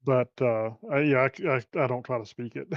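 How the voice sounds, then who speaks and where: A man chatting casually as a co-player, talking in halting, stammering restarts. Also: medium pitch, fairly even intonation, no room sound. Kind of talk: casual gaming chat. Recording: dull lo-fi mic.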